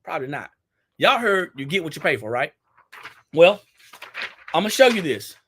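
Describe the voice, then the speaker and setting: Shop owner with a Louisiana twang, casual live-stream host, chatty and repetitive, higher-pitched male voice. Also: very animated, normal speed, fairly bright tone, slightly rough. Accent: Louisiana Southern. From Baton Rouge, Louisiana. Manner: chatty, repeats himself, addresses viewers directly.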